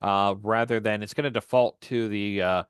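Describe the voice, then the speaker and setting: A man teaching volunteer tax preparers, walking through a form step by step in a steady explanatory way with frequent fillers. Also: lowish voice, normal speed, clean tone, no echo, studio quality. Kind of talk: instructional walkthrough.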